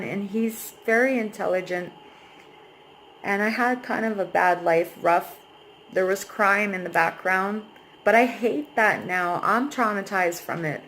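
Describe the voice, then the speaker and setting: A woman's voice: medium pitch, a bit bright, a little hiss or hum, poor audio. A young adult woman vlogger venting candidly about a relationship, frank and emotional, swearing freely.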